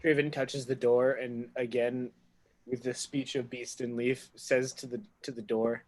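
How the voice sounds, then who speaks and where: A man's voice: mid-range voice, level tone, unhurried. A man playing a tabletop game, chatting in a laid-back way. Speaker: player. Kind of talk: casual tabletop play.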